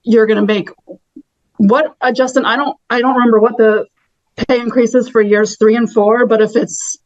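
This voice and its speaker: A woman, a parent, giving earnest, halting public comment over a video call, sounding frustrated. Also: on the high side, fairly even intonation, a little mellow, dry recording. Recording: muffled video call audio.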